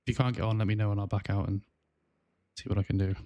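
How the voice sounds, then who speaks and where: A man's voice: fairly low pitch, fairly even intonation, quick pace, warm tone, no echo. A man with a South Welsh accent chatting casually on a gaming livestream, rambling with lots of fillers and restarts. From South Wales. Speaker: gaming streamer.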